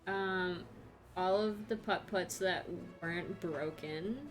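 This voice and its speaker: A woman's voice: fairly low pitch, slow pace, over loud music. A woman streamer chatting casually and giggling often, trailing off mid-sentence.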